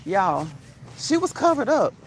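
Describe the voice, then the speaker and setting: A woman vlogging while out on a walk, telling a story in a casual, animated way, laughing often and reading viewer comments aloud. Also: a little high, unhurried, a little hiss or hum, poor audio. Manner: reads live chat comments aloud. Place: outdoors on a walk.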